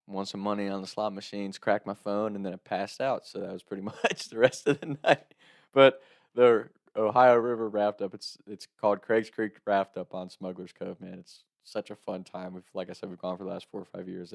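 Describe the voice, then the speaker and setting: A young man in his twenties casually telling a funny story to camera, animated, laughing and swearing often. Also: lowish voice, creaky. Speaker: content creator telling a story.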